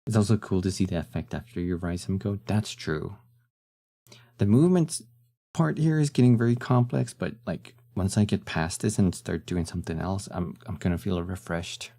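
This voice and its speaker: A man streaming casually, relaxed and chatty, who laughs often, trails off into fillers and answers his chat. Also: low voice, normal speed. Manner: reads chat messages aloud and answers them.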